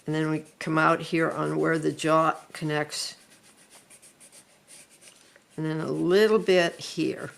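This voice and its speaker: A middle-aged woman, an art teacher, talking through a drawing lesson in an unhurried, chatty way while she sketches. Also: sits low, fairly even intonation, gravelly.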